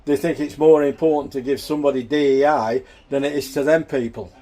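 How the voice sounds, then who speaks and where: A man's voice: medium pitch, fairly even intonation, fairly quick, dark tone. A man, chatting casually in a home cooking vlog, rambling and down to earth. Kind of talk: casual chat.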